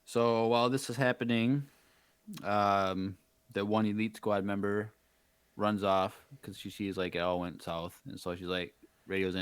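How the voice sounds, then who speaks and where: A man's voice: on the low side, fairly even intonation, measured pace, clear, resonant tone, no echo. A man hosting a podcast, recapping an episode in a chatty way with lots of fillers. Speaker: podcast host.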